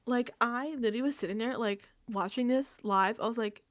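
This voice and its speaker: A woman hosting a reality TV recap, ranting casually and acting out quotes in an exasperated, animated way. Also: fairly high pitch, a little fast, no echo.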